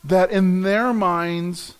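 High-voiced man preaching a sermon. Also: steady tone, drawn-out words, clean tone. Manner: earnest, repeats words as he restarts. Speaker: pastor.

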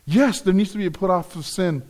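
Man, pastor, sermon, high-pitched, earnest, repetitive emphatic phrasing. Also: a little fast, darkish tone.

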